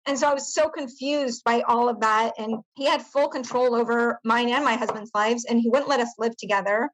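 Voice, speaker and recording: A woman's voice: fairly high pitch, poor audio. A woman from the United States, a podcast guest telling her own story in an earnest, searching way, with many fillers and restarts. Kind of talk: personal storytelling in an interview.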